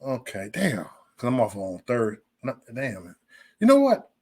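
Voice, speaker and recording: A man hosting a casual livestream, joking loudly and cursing, breaking into laughter often. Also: medium pitch, huge pitch swings, unhurried. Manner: loud, joking, profane banter with frequent laughs. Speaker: live stream host.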